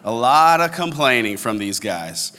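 A man preaching a sermon as pastor, animated and conversational, acting out quoted complaints. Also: mid-range voice, unhurried, smooth, big-room sound. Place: large church auditorium.

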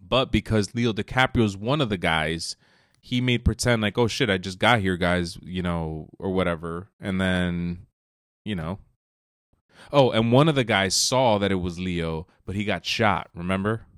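Deep-voiced man in loose, profane banter. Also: a little slow, fairly bright tone, dry recording, clean studio sound. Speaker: podcast co-host. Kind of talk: casual chat.

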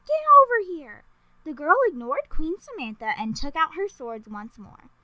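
A woman reading a children's story aloud in a lively, expressive way. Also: high-pitched, normal speed, no echo, low-quality recording.

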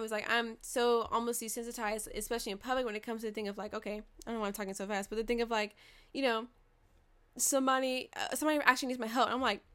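Young woman vlogger on a desk mic: fast, swearing, animated retelling, clean smooth tone. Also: fairly high pitch. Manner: fast, profane, animated retelling with quoted dialogue. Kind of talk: casual storytelling monologue. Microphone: desk microphone.

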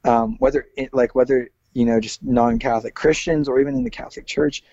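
A man's voice: medium pitch, brisk, vocal fry, dark tone, no room sound, dull audio. A man who is a worship leader, speaking earnestly in a casual interview, with many fillers and restarts.

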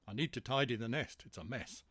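A man's voice: mid-range voice, a little fast, a bit bright, husky, no room sound. A man voicing a small, fussy and nervous boy insect in a storybook.

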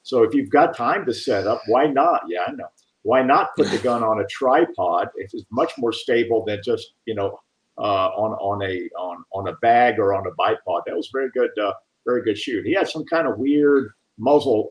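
A man on a police panel, speaking in a matter-of-fact, measured way. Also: on the low side, expressive, low-quality recording. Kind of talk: casual panel chat.

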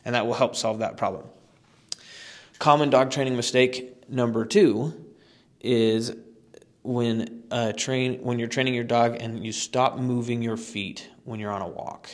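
A man explains dog training mistakes in a chatty, instructional podcast style. His voice sits at a middling pitch. He talks emphatically, with loose fillers and restarts. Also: fairly even intonation, measured pace.

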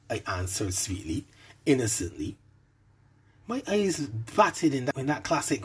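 A man narrating an adult story in a soft, intimate way, sometimes dropping to a whisper. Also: fairly low pitch, very animated, moderate pace, husky.

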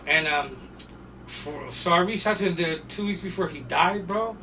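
A young man from Portland, a podcast guest, telling loose, profane stories in casual chat and shouting when he quotes people. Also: sits high, normal speed. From Portland, Oregon. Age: young adult. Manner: loose, profane, animated storyteller who often shouts when quoting people. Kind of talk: casual storytelling. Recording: distant mic with faint noise.

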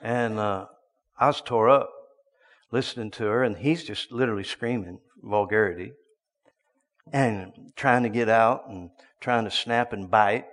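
A man preaching a sermon, telling a story and swinging from hushed asides to loud bursts. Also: on the low side, measured pace, big-room sound.

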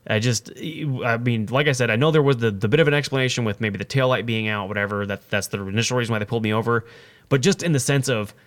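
A young man rattles through an anecdote in quick, casual chat. His speech is rambling and animated, and his voice sits at a middling pitch for a man. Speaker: podcast co-host telling a story.

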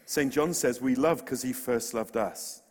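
A man with a West Country accent delivers a heartfelt sermon. His voice sits at a mid pitch and carries a long reverb from a large hall. He is earnest, now and then lightened by humorous asides. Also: a little slow. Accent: West Country English. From West Country, England. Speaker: preacher.

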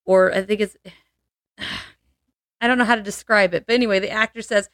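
A woman's voice: medium pitch, fairly even intonation, fairly quick, long pauses, no echo. Woman podcast host telling a crime story, jokey and laughing, dry close sound. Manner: laughs often, playful asides. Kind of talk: casual storytelling chat.

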